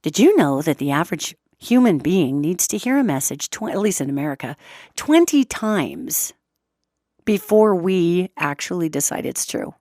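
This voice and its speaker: Lively chatty woman podcast host. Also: on the low side, normal speed, dry recording, clean studio sound. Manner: animated, chatty, repeats points, swears casually. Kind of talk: talk show monologue.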